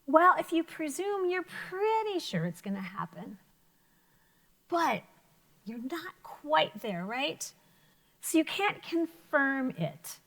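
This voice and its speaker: An elementary school teacher encourages young pupils through a vocabulary lesson, using questions and praise. Her high voice swings widely in pitch, and she speaks slowly with long pauses.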